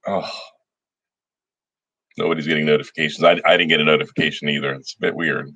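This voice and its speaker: A middle-aged state senator hosts a livestream, greeting viewers by name in a casual, folksy way and reading their names aloud with frequent restarts. His very deep voice is steady, fast, and sharp in tone, though the audio sounds dull.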